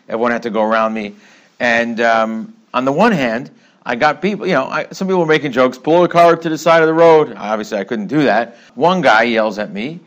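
A man's voice: medium pitch, a bit bright. A man giving an informal Torah class as a rabbi, conversational, often repeating words and mixing in Hebrew and Yiddish terms. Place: yeshiva study hall.

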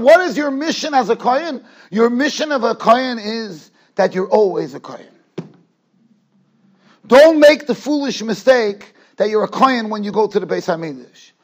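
A man giving a rabbi's Torah lecture, emphatic, repeating phrases and mixing Hebrew and Yiddish terms into English. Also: very high-pitched. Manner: emphatic, rises to near-shouts on key points; repeats phrases while building a point. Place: yeshiva study hall.

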